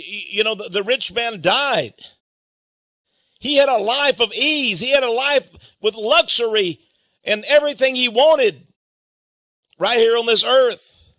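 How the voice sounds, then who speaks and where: A male preacher delivers a fiery sermon in a slow, deliberate cadence, his voice swooping dramatically between high and low. He trips over repeated words and swings from shouts to low asides. The sound is dry and close, with no room around it. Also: no room sound.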